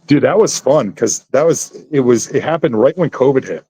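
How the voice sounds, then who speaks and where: Male actor guest, casual chat, animated storyteller who slips into voices, dry close sound. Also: medium pitch, moderate pace, breathy edge, no echo, poor audio. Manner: animated, acts out voices in his anecdotes.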